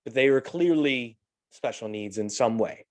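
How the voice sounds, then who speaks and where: A man's voice: medium pitch, normal speed. A middle-aged man hosting a podcast, telling stories in casual chat, swearing freely and acting out quotes. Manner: animated storyteller, swears freely, acts out quotes. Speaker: podcast host.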